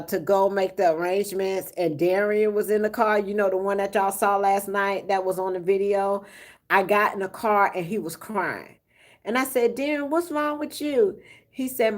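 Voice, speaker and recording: Slow, halting woman chatting on a live stream. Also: medium pitch, a little mellow. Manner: halting, hesitant telling with many pauses and fillers; emotional, heartfelt storytelling. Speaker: truck driver and trucking recruiter. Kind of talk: casual live-stream chat with viewers.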